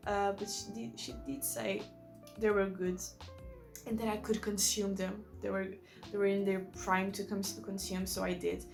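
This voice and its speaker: A woman vlogger chats about books in a loose, enthusiastic way, doubling back to fix her own words. English is not her first language. Her voice has a gravelly, creaky fry, and faint music plays underneath. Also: medium pitch, little pitch movement, normal speed, darkish tone. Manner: rambling, self-correcting, enthusiastic. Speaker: book vlogger. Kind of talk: casual book review chat.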